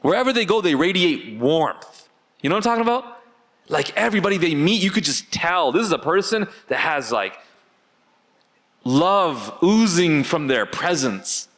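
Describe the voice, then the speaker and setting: A man's voice: a little high, big pitch swings, moderate pace, a bit bright. A man teaching a religious class in a conversational way, often asking the audience rhetorical questions.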